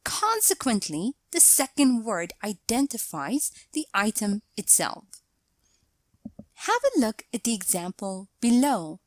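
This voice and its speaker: A woman narrating a scripted English grammar lesson in a measured, explanatory way, reading out example sentences. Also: fairly high pitch, sing-song, no room sound.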